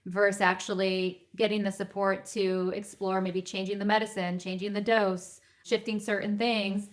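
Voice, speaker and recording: A woman guest on a podcast, an advisor, explaining her views in an earnest, measured way. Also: mid-range voice, flat delivery. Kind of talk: interview answers.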